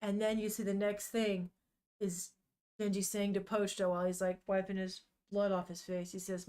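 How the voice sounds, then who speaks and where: A woman's voice: mid-range voice, little pitch movement, normal speed, mellow, clean tone. A young woman on a casual live stream, reading a manga aloud, chatting with viewers, swearing freely and laughing often.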